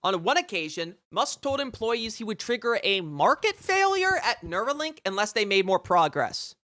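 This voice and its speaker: A streamer reading news reports aloud during a live commentary, breaking off into sarcastic, profane rants. The voice is bright and sharp at a middle pitch. The sound is dry and close, with no room around it. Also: very animated, normal speed, no room sound. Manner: reads passages aloud and reacts.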